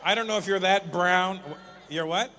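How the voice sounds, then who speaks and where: A middle-aged man doing stand-up, teasing audience members in quick back-and-forth crowd work. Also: high-pitched, noisy background. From Canada. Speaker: stand-up comedian.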